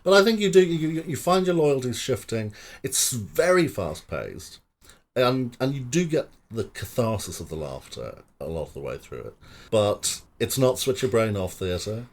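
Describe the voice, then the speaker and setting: A man's voice: medium pitch, very animated, moderate pace. A man in a casual podcast chat, enthusiastically promoting a theatre production, rambling and restarting his sentences. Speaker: company member promoting a play.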